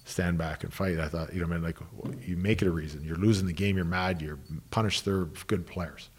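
A man's voice: deep voice, steady tone, fairly quick, slightly rough. A middle-aged man, a former pro hockey player turned coach, telling stories in a loose, rambling interview style full of "you know" and restarted sentences. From Canada, Ottawa. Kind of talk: casual interview storytelling.

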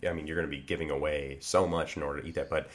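A man's voice: a bass voice, steady tone, very fast. A man co-hosting an improvised comedy podcast, talking earnestly with lots of fillers and restarts. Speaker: podcast co-host.

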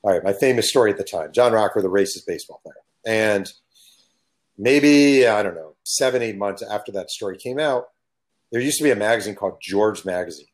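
A man's voice: lowish voice, brisk. A middle-aged man from California talking bluntly and with emphasis in a casual chat, telling stories from his working life.

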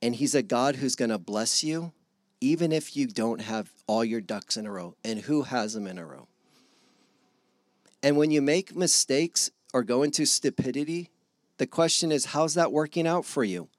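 A man preaching a casual, animated sermon to his congregation, acting out little dialogues with God. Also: mid-range voice, no room sound, clean studio sound. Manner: animated, acts out God and listeners in voices.

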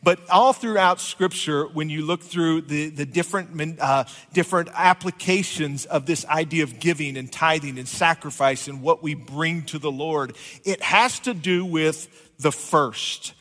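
A man's voice: fairly high pitch, a little slow, a bit bright. Man, pastor, conversational sermon, light jokes, reverberant church hall. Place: church sanctuary.

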